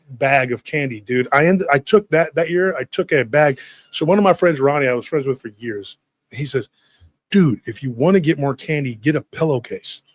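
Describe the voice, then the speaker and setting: A man's voice: a little high, dry recording. A man in his forties, a podcast host telling a funny childhood story, acting out the people in it and saying "dude" a lot. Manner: acts out voices of people in his stories, swears casually, says "dude" often. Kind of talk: animated storytelling.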